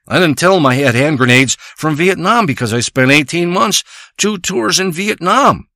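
Guy ranting and swearing thru a crude story, bright sharp voice, swoops up and down a lot. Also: a little high, expressive, normal speed, no echo, studio quality. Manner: profane, rambling, ranting. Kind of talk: crude comic monologue.

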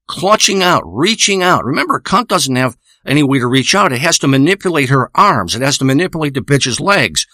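A man's voice: on the high side, bright, forceful tone, dry recording. A man delivering a rambling, profane, boastful spoken monologue into a close microphone. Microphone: close studio microphone.

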